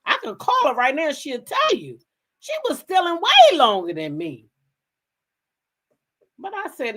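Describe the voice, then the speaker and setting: A woman from the DC hosting a casual livestream, telling stories straight to her viewers in an animated, profane way. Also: sits high, a little slow, pauses often. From Kensington, Maryland, near Washington DC. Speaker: livestream gossip host. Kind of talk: casual chat with live viewers.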